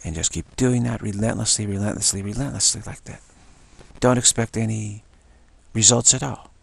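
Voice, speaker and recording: A man guides listeners through a repetitive spoken practice, answering each short phrase with the same word. His low voice is heavily gravelly and husky throughout, and his delivery is unhurried and musing. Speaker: meditation teacher.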